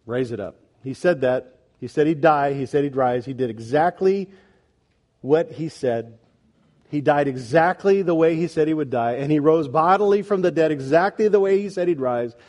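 Guy pastor preaching, kinda high voice, gets loud then drops to a hush. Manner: swings between loud emphatic preaching and hushed pleading. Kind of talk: sermon.

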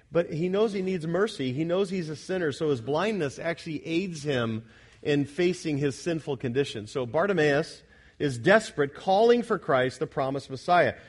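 Preacher swinging from hushed to shouting. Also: male voice, fairly high pitch. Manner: swings from quiet asides to loud, shouting emphasis; conversational, asks the congregation questions, self-correcting. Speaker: pastor. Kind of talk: expository sermon.

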